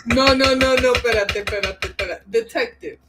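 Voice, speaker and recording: Co-host: high-pitched woman, teasing and playful, faint background noise. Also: fairly quick. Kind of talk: casual reaction chat.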